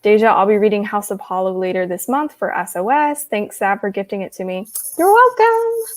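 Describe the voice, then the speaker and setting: Speaking briskly at medium pitch, a young livestream host reads her live chat, giggling and chatting casually while rambling and packing her talk with "like".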